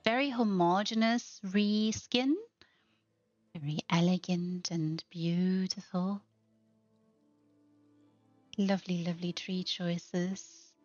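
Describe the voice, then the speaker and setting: Slow, gushing woman narrating a house tour. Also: fairly low pitch, steady tone, a little mellow, no echo, lo-fi sound, faint music behind. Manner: slow, effusive, gushing praise. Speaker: host.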